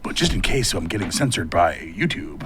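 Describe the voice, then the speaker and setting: A man trading crude jokes on a casual podcast, laughing often as he tells stories. His voice is bright and swings widely in pitch. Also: moderate pace, slight background noise. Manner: laughs often, animated storytelling. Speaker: podcast co-host.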